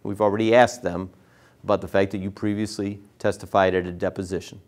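A man's voice: low-pitched, little pitch movement, brisk. A man teaching trial advocacy, explaining cross-examination step by step and acting out sample questions to a witness. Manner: acts out lawyer and witness exchanges in a raised voice.

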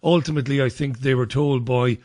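A man's voice: medium pitch, steady tone, brisk, darkish tone, dry recording, clean studio sound. A man hosting an interview, asking long, hedging questions in a chatty way. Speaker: radio host.

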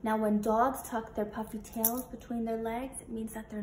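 A woman teacher leading an animated interactive read-aloud of a children's book, asking the young listeners questions. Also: fairly high pitch, normal speed. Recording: roomy with faint noise.

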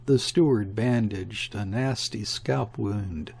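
A man reading a classic short story aloud as an audiobook narrator, measured and steady. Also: fairly low pitch, vocal fry. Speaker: audiobook reader. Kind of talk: scripted narration.

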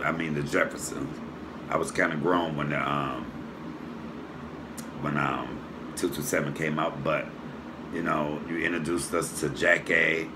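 Very deep-voiced man giving a casual tribute. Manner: warm, rambling, with fillers and self-corrections. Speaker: comedian and channel host. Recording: steady background noise hum.

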